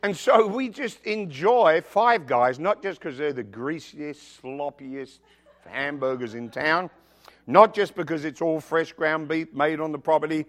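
A male pastor preaching a sermon, telling personal stories in an animated, emphatic way with jokey asides. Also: fairly high pitch. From outside the United States.

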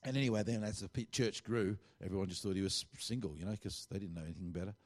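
Preacher telling a story. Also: male voice, low-pitched, quick pace. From Australia. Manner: conversational, animated storytelling with quoted dialogue. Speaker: pastor. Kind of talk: sermon storytelling.

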